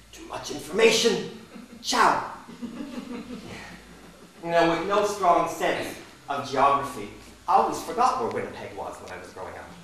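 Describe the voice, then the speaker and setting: A man's voice: mid-range voice, a bit bright, slight background noise. A middle-aged man performing a wry, theatrical monologue on stage. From Canada. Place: performance space. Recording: very echoey hall, distant mic.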